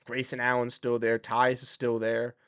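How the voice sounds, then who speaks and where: A man hosting a sports livestream, ranting heatedly and swinging between loud outbursts and muttered exasperation. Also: mid-range voice, monotone, normal speed, smooth, dry recording. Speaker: sports podcast host. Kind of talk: livestream rant.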